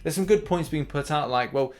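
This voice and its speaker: A young man hosting a mobile game news show, talking in a chatty, animated way with plenty of fillers and restarts. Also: a little high, brisk. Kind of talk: casual gaming news commentary.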